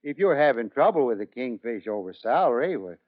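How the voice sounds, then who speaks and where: A man's voice: medium pitch, very animated, fairly quick, no echo. A middle-aged man and guest comedian, trading folksy, joking scripted banter on a radio comedy show. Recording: dull dry old radio broadcast.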